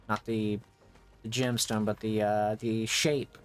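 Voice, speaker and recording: A man's voice: on the low side, level tone, slow, clean tone, soft background music. A man streaming a video game, giving casual running commentary that rambles and often restarts mid-thought to correct himself.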